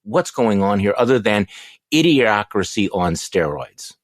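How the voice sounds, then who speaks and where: A man's voice: fairly low pitch, big pitch swings, measured pace, no room sound, studio quality. A man hosting a political podcast, asking rhetorical questions in building lists. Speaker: podcast host. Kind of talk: political talk, questioning guest.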